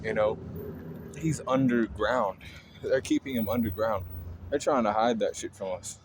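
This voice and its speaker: A scrappy young girl fighter speaks with urgent excitement, as a man puts her on in a storytime retelling. The voice sits on the lower side, and a steady hum of traffic noise runs underneath. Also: a little slow, close to an everyday voice. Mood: excited.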